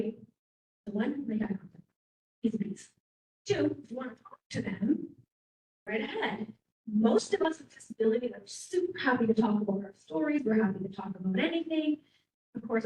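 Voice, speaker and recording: A woman's voice: a little high, darkish tone. Frank Canadian woman speaking in an echoing hall. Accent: Canadian English. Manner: casual and frank, with quick laughs and emphatic repetition. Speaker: keynote speaker. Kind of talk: motivational keynote speech. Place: large hall. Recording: echoey hall, mic at a distance.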